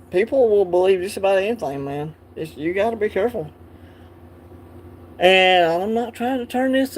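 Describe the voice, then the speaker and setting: A man's voice: high voice, a little mellow, slight background noise. A man from Alabama with a Southern accent, hosting a casual coin-collecting livestream, rambling, laughing and answering viewers' chat.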